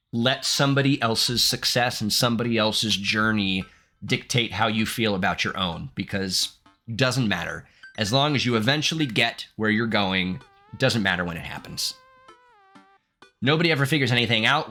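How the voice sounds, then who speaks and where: A man in his thirties doing let's play commentary, reading game text aloud, animated and candid, laughing often. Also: mid-range voice. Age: 30s. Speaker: gaming streamer.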